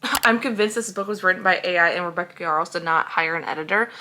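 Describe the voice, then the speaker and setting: A woman's voice: lowish voice, fast talker, pushed and bright. A young woman reviewing books in a casual vlog, heated and sarcastic, swearing freely as she reacts. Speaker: book reviewer.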